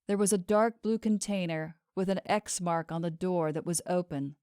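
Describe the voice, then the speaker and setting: A woman narrating a fantasy audiobook in an even, measured storytelling manner. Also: lowish voice, clear, resonant tone, dry recording, clean studio sound. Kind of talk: scripted narration.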